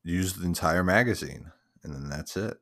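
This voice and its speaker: A man in his thirties with a very deep, low voice, chatting on a podcast. He jokes with a straight face and drops "dude" into almost every thought. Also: normal speed. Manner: deadpan joking, peppers talk with "dude". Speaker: podcast co-host. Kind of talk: casual chat.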